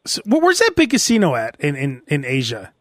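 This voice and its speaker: A man with a high, lively voice leads the podcast as its host. He tells animated stories in loose, joking chat and laughs easily. The sound is dry and close. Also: fairly quick, dry recording. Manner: animated storyteller, laughs often. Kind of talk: casual comedic chat.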